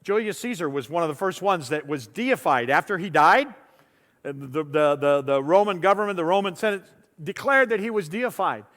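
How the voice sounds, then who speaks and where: Man, pastor, conversational sermon, repeats words, higher voice, long church reverb. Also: expressive, normal speed, fairly bright tone. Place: church sanctuary. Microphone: lapel mic.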